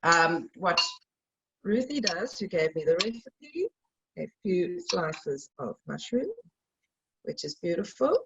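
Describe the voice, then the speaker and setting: A woman's voice: fairly low pitch, very animated, slow, gravelly, noisy background. A middle-aged woman hosting a casual cooking demo over a video call, chatty and telling stories as she cooks. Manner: chatty, storytelling. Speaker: cooking demonstrator. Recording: dull lo-fi video call audio.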